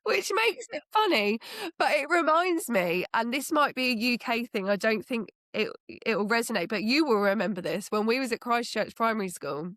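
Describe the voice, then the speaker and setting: Bright-voiced, giggly English woman. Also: a little high, animated, moderate pace, dry recording, studio quality. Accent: southern English. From southern England. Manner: chatty, giggly, teasing. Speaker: podcast co-host. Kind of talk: casual chat.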